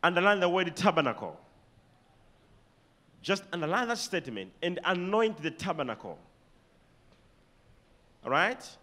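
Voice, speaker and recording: A Malawian man delivers a sermon with a bright, forceful voice that sits high. His delivery swings widely in pitch and loudness. He reads scripture slowly and has the congregation repeat and underline key words. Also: very animated. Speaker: preacher.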